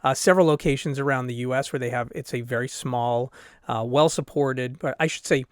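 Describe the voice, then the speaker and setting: A man's voice: medium pitch, brisk, smooth, dry recording, studio quality. A man from the Boston area co-hosting a casual podcast, rambling with many fillers and laughing easily. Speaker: co-host.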